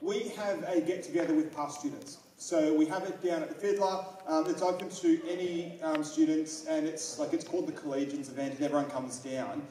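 A man's voice: a little high, fairly even intonation, a little fast, hardly any pauses. Man addressing a group from far off. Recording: echoey hall from far off, loud music.

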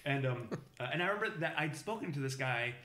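A man spins a long story in casual chat, stumbling through fillers and restarts and slipping into the voices of the people he quotes. His voice sits at an ordinary middle pitch. The room around him is echoey. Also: animated, quick pace, sharp tone. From Boston, USA. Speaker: podcast guest telling a travel story.

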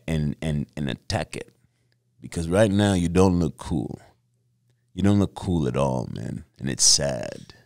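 A middle-aged man on a podcast, telling a lively story with lots of swearing and acted-out quotes. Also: sits low, gravelly, dry recording, clean studio sound. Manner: animated storyteller, acts out quotes, swears freely. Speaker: podcast guest. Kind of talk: casual storytelling.

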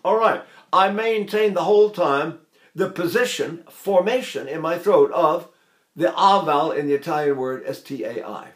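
An older man from Texas, a voice teacher giving a chatty vocal technique lesson with quick asides and small chuckles. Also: fairly high pitch. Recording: roomy echo.

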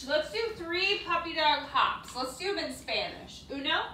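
A woman's voice: high voice, expressive, measured pace, hardly any pauses, pushed and bright, a little hiss or hum. A woman leading a children's yoga class in a playful, sing-song, coaxing way, with animal sounds along the way. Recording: roomy sound from a distant mic.

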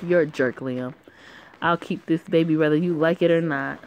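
A woman's voice: sits low, normal speed, a little mellow, close to an everyday voice, poor audio. A woman reading the lines of an insistent young ex-lover in a plain, lightly acted voice.

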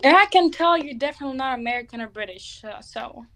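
Bright-voiced teenage Greek girl. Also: high-pitched, expressive, fast talker. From Greece. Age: teens. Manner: chatty, laughs easily. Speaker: chat partner. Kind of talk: casual video chat.

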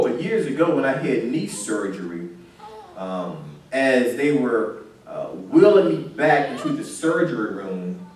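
A man preaching a sermon in a church, emphatic and building to crying out as the congregation answers. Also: mid-range voice. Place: church sanctuary. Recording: very echoey church from a distance.

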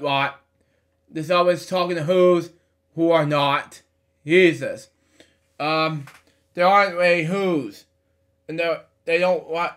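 A man's voice: a little high, fairly bright tone. A man reading a children's picture book aloud, stumbling over words and breaking off for chatty side comments. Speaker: storybook reader.

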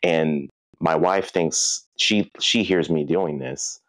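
A man's voice: deep voice, takes it slowly, creaky, no echo. A man being interviewed on a podcast, telling stories casually and acting out the voices of people he quotes. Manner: animated, acts out quoted voices. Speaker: podcast guest, game collector and video creator.

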